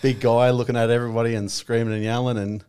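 A middle-aged Australian man, a podcast guest, talking in a relaxed and plainspoken way with lots of ums and uhs. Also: medium pitch, fast, clean tone. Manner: relaxed, plainspoken, many fillers. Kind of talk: casual podcast interview.

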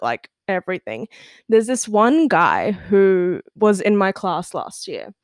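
A chatty teenage girl talks through her own podcast in a loose, rambling way, laughing easily between thoughts and leaning on "like". Her voice sits at an ordinary middle pitch. The recording is close and dry, with no room around her. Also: no room sound. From Australia. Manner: giggly, chatty, lots of "like" fillers. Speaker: podcast host. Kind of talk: casual solo podcast chat.

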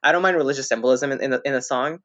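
A man talking casually as a podcast guest, at a middle pitch. His speech wanders, with frequent restarts and fillers. The recording sounds dull and lo-fi, with a dry, close sound and no room echo. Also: racing, sharp tone. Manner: rambling, hesitant, full of restarts and fillers.

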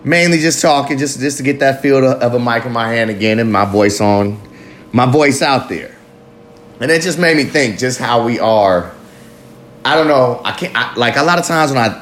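A man's voice: mid-range voice, fairly quick, a little hiss or hum. A man hosting a live recovery talk show, talking loosely and profanely in a confessional monologue, sometimes drawing out his words. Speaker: podcast host.

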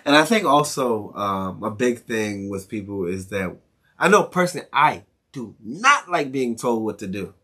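A man's voice: lowish voice, animated, normal speed, bright, forceful tone, breathy edge. A young man from Maryland hosting a casual solo podcast, ranting with lots of swearing, restarts and chuckles. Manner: profane, rambling rant with frequent laughs. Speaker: podcast host.

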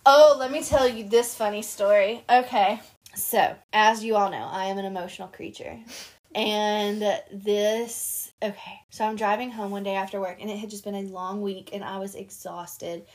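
A young woman co-hosting a casual chat podcast, an animated storyteller who laughs often. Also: mid-range voice, moderate pace. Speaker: podcast co-host.

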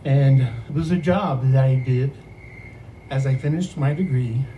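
A man who works as a student affairs advisor, telling a personal story on a podcast in an animated way and laughing often. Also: medium pitch, unhurried, highs cut off, a little hiss or hum.

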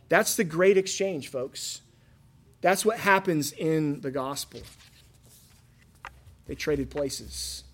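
A pastor in his thirties delivers a sermon, earnestly telling stories and putting rhetorical questions to his listeners. His high voice moves unhurriedly between loud and hushed passages.

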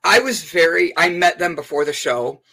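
Bright-voiced joking male host. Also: on the high side, expressive, normal speed, gravelly. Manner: playful, joking, rambling with restarts. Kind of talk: casual on-air chat.

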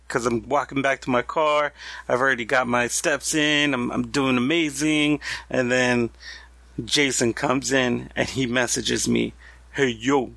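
A man co-hosting a podcast in casual chat, telling stories in an animated, joking way. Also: mid-range voice, vocal fry, no room sound. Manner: animated storyteller, jokey. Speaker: podcast co-host.

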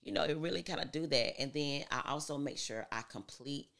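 A woman's voice: sits low, a little fast, vocal fry, fairly bright tone. A woman talking casually to her viewers, reciting affirmations with growing emphasis and laughing easily between thoughts. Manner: chatty, laughs easily, talks straight to viewers. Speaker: vlogger sharing a morning routine. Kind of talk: casual motivational talk.

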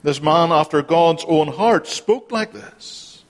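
A man's voice: on the high side, slow pace. A man preaching a sermon, earnest and repeating phrases for emphasis. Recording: long hall reverb.

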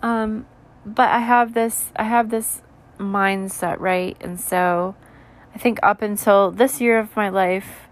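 A tired woman in her twenties, rambling candidly in a soft, low voice during a late-night reflective vlog chat, with lots of "like" and "you know". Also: steady tone, slow. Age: 20s. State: tired, yawning. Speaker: vlogger.

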